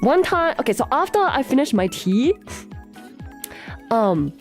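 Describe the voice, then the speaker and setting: A woman streamer telling a story in casual, animated chat, giggly and rambling. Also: sits high, measured pace, soft background music.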